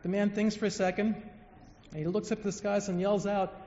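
A man delivering a sermon in a high-pitched voice, emphatic and storytelling, with phrases that drop softly at their ends. The sound rings in a large hall with a long reverb, on a dull, lo-fi recording. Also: flat delivery, brisk, slight background noise. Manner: emphatic storytelling, phrases dropping soft at the end. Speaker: preacher.

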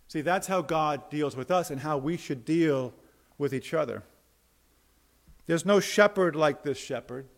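A male pastor preaching a sermon with animated delivery, acting out quoted lines and dropping to soft emphasis. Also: high-pitched.

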